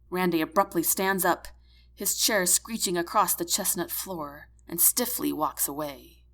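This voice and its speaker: A woman narrating a first-person audiobook with expressive, emotional storytelling. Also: deep voice, a little slow.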